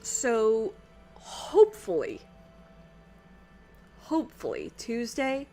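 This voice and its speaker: A woman with a rough, worn throat, chatting casually with her viewers while streaming a video game, rambling and swearing now and then. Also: on the high side, wildly swooping pitch, slow pace, mellow, soft background music.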